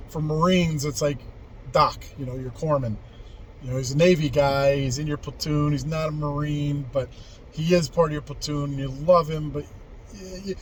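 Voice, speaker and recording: A man's voice: a little high, slight background noise, low-quality recording. A man in his forties casually telling a story from his youth, rambling and candid, with frequent swearing and restarts. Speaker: vlogger telling life stories.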